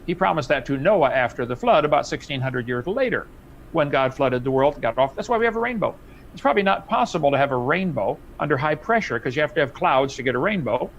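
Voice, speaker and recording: A man debating on a live stream, emphatic and insistent, his pitch jumping up when he presses a point and chuckling as he mocks the other side. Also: lively intonation, quick pace, highs cut off, slight background noise. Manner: chuckling, relishes mockery. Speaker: debate guest.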